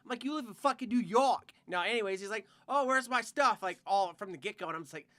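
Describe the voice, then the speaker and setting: A man's voice: high voice, expressive, fast talker, a bit bright. A young man co-hosting a podcast, telling a rambling work story full of "like" and swearing in casual chat. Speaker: podcast co-host.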